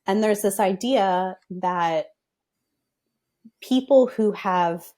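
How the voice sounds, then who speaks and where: A woman's voice: medium pitch, very slow, dark tone. Woman explaining step by step. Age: young adult. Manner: thoughtful, explains step by step with hedges. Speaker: podcast guest, physical therapist. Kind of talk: explanatory podcast conversation.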